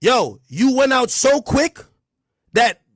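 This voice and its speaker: Male streamer from Jamaica, loud animated storyteller, lively pitch, dry booth sound. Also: slow, no room sound. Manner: loud, animated storytelling with laughs and acted quotes. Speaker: streamer host. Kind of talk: casual livestream chat.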